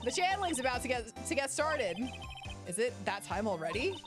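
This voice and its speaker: A woman voicing a brash, excitable young woman photographer in a game, loud and full of exclamations. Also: a little high, fairly quick, over music. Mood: excited.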